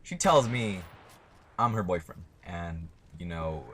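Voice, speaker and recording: A man's voice: deep voice, expressive, takes it slowly, fairly bright tone, a little hiss or hum. A young man telling a story to his camera in a casual, rambling way, swearing often and speaking bluntly. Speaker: vlogger.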